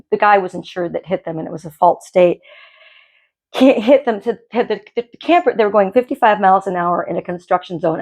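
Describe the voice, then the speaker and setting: A woman hosts a knitting podcast from her home dye studio, chatting casually and rambling, often restarting her sentences. Her mid-range voice is gravelly and a little mellow.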